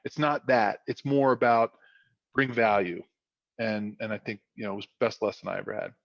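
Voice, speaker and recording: Guest: Philly-accented man in his 50s, lively storyteller, lo-fi dry sound. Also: on the low side, normal speed, gravelly, dry recording. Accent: Philadelphia. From South Philadelphia. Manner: animated storyteller, frequent restarts and repetitions. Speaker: guest, former football player. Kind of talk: casual chat.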